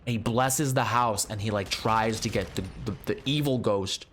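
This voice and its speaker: A man spins a story in a casual, rambling way with plenty of swearing and fillers. His voice sits on the low side. There is a faint layer of noise behind him. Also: moderate pace, a bit bright. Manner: rambling, profane, lots of fillers. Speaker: gaming channel host. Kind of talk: casual storytelling over gameplay.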